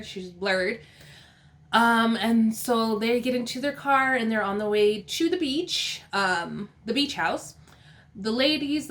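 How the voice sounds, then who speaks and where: A woman's voice: mid-range voice, a bit bright. A young woman from California giving a chatty, opinionated recap of a TV episode, laughing often as she talks. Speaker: TV recap host.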